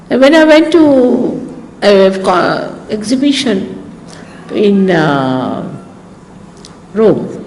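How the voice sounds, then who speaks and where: A woman's voice: mid-range voice, darkish tone. Indian woman teaching in an echoey hall. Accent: Indian English. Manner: anecdotal storytelling, chatty and teasing. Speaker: spiritual teacher. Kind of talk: informal spiritual talk. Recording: echoey hall, faint hiss, 1980s archive recording.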